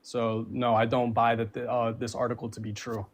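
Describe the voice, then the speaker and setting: A man's voice: mid-range voice, monotone, moderate pace. A man arguing as a guest on a call-in debate stream, sarcastic and swearing, laughing off the host. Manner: profane, dismissive, laughing sarcasm. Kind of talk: casual heated argument.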